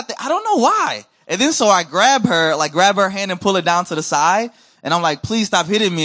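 Animated high-voiced man preaching. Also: fairly quick. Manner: animated, acts out quoted voices, conversational. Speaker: missionary preacher. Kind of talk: storytelling sermon. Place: church.

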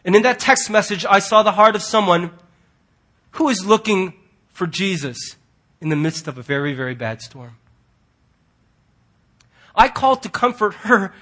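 A man preaching a sermon in an earnest, husky voice that sits high for a man. He presses hard on key words, then drops to a hush. His talk is that of a pastor before his church. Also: lively intonation, normal speed, long pauses. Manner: earnest, swings from loud emphasis to hushed quiet.

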